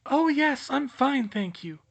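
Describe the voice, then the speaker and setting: A man's voice: extremely high pitch, expressive, takes it slowly, vocal fry, dull audio, voice pushed up, exaggerated voice. A man doing a dreamy, airy schoolgirl. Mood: serene. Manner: airy and serene. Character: dreamy, serene schoolgirl witch.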